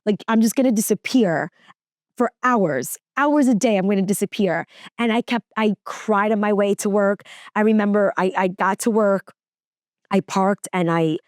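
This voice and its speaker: A woman's voice: mid-range voice, moderate pace, no room sound, clean studio sound. A woman guest, a working mom and TV reporter, telling personal stories in a casual podcast chat, earnest and full of "like" fillers and restarts.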